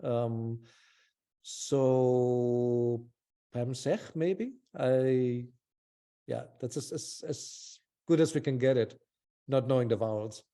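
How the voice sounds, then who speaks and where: A man's voice: medium pitch, slow pace, warm tone, clear, resonant tone. A man teaching a small language class over a video call, patient and encouraging, thinking aloud with fillers.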